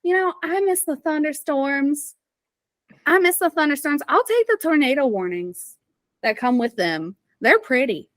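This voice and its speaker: Chatty higher-voiced woman from Missouri. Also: very animated, measured pace, a bit bright, dry recording. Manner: chatty, frequent "like" and "you know" fillers. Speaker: podcast guest. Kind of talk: casual conversational interview.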